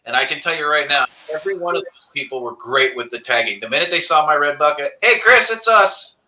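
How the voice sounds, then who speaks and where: Bright-voiced blunt man telling stories. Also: a little high, fast, far from the mic, low-quality recording. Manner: blunt, swears, animated storytelling. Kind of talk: casual panel chat.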